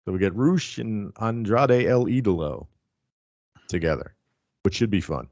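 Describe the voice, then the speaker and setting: A man's voice: fairly low pitch, lively intonation, unhurried, darkish tone, no echo, highs cut off. A man co-hosting a wrestling podcast, talking in a profane, rambling, sarcastic way. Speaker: podcast co-host. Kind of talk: casual wrestling podcast chat.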